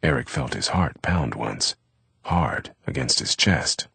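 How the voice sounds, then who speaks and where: Deep, husky male audiobook narrator. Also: dry recording. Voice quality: measured, steady reading.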